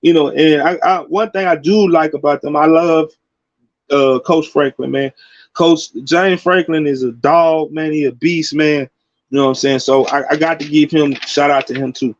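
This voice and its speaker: A man in his forties giving casual, slangy college football commentary, animated, with loud bursts. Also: fairly high pitch, normal speed, no echo, muffled recording. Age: 40s.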